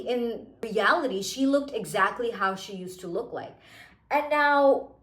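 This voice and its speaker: A woman's voice: on the high side, a bit bright. A young woman giving a casual motivational monologue to her viewers, chatty and full of "like" and "you know". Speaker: manifestation content creator. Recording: echoey room.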